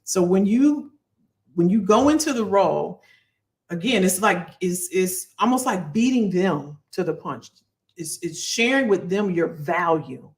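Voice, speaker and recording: A woman's voice: on the low side, a little slow. Woman, live-stream career coach, chatty and upbeat, roomy echo. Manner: lively, encouraging, talks to the audience as "y'all". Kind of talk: live stream Q&A, casual advice.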